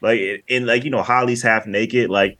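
A man's voice: on the low side, fairly even intonation, normal speed, sharp tone. A man casually chatting as a podcast co-host, rambling and often repeating his words. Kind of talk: casual movie review chat.

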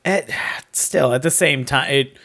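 A man's voice: medium pitch, measured pace, creaky, pushed and bright. A man casually chatting as a podcast co-host, with wry, sarcastic asides. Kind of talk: casual movie review chat.

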